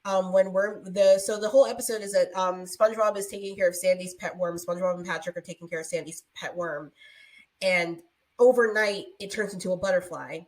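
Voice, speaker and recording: A woman's voice: lowish voice, steady tone, a little fast, a little mellow. A young woman co-hosting a podcast, chatting casually and rambling with many fillers. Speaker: podcast co-host. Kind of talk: casual chat.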